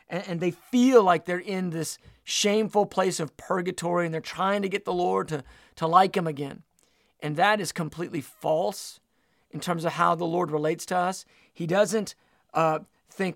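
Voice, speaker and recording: A man's voice: high-pitched, vocal fry, fairly bright tone, dry recording, studio quality. A man preaching a sermon, earnest and repeating words as he goes.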